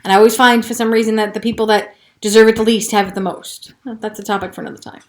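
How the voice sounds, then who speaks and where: A woman hosting a podcast, telling a personal story in a frank, profane way, moving from hushed recounting to heated frustration. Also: medium pitch, little pitch movement, fast. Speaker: podcast host.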